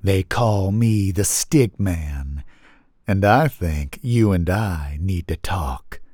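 A man voicing a soft, hazy, sinister entity that speaks slowly and calmly. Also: sits low, no echo, studio quality, exaggerated voice. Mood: menacing calm. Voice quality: soft, hazy, slow menacing delivery.

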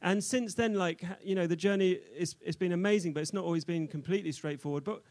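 A man's voice: high-pitched, fast talker, darkish tone. A man interviewing a new believer on a church stage, encouraging him and restarting his sentences often. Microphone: handheld mic.

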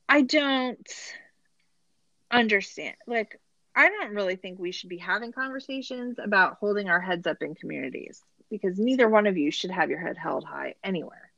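A woman's voice: mid-range voice, lively intonation, moderate pace, creaky, fairly bright tone, no echo, highs cut off. A woman hosting a casual podcast, recapping a show in a laughing, incredulous way, with lots of "like". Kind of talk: casual chat.

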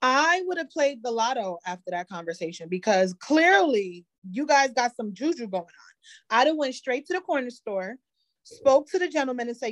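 A woman's voice: a little high, very animated, moderate pace, no echo. A woman co-hosting a podcast in casual chat, often chiming in with short agreements and joking along. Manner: frequent affirming interjections, playful. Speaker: podcast co-host.

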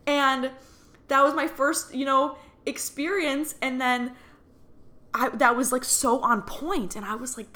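A woman's voice: sits high, fairly even intonation, unhurried, pushed and bright. A young woman telling a personal story in a chatty way, full of fillers and laughing now and then, as a podcast host. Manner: chatty, full of "like" and "you know", laughs often.

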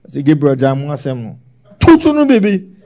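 Animated preacher, man. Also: on the high side, brisk. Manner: preaching with sudden shouts and hushed drops. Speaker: pastor. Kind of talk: sermon.

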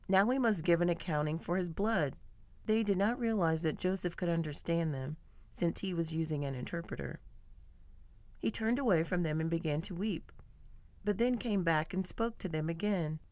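A woman with a fairly low voice reads scripture aloud in a measured, even storytelling manner. The sound is dry and close, with no room around it. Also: no echo. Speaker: scripture reader. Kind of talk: steady scripted Bible reading.

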